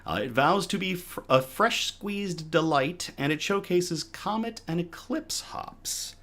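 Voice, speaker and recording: Chatty, animated male livestream host. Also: sits high, a little slow. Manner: chatty, animated, self-deprecating asides. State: a little out of breath. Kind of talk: casual live-stream news show. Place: at home.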